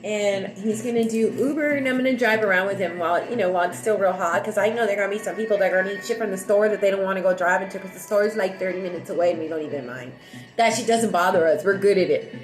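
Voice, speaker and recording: A woman vlogger chatting casually with her viewers, talking fast and loud with restless, excitable energy. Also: mid-range voice, echoey room, soft background music, low-quality recording. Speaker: live-stream vlogger. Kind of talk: casual rambling chat with viewers.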